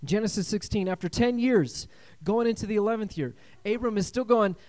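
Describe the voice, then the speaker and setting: A male pastor with a notably high voice delivers a sermon. He swings from loud, emphatic declarations to hushed, near-whispered lines and keeps asking the congregation for an amen. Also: a little fast. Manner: dynamic preaching, swinging between loud emphasis and hushed tones, asks for amens.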